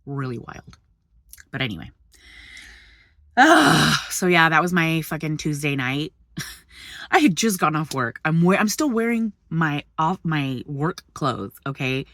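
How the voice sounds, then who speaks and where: A woman's voice: sits low, sing-song, a little slow, a bit bright, no echo, clean studio sound. A woman vlogging in a chatty storytelling way, swearing freely, laughing often and jumping between subjects. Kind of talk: casual storytelling vlog.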